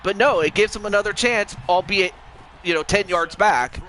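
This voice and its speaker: Man, casual game commentary, high voice, excitable, rambling. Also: slight background noise, low-quality recording. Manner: excitable, rambling, quick exclamations. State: has the hiccups. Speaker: play-by-play commentator.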